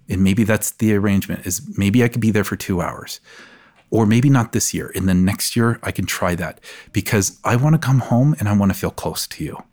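A middle-aged man, a podcast guest, speaking earnestly and reflectively in measured phrases. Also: fairly low pitch, a little mellow. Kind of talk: podcast conversation.

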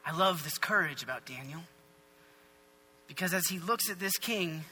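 A male pastor preaching a sermon as lively, conversational storytelling in a church hall. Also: fairly high pitch, normal speed, a little hiss or hum.

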